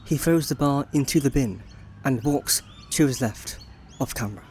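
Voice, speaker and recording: A man's voice: mid-range voice, moderate pace, darkish tone, a little hiss or hum. A man reading a screenplay's scene directions aloud in a dry, matter-of-fact way. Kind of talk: scripted narration of scene directions.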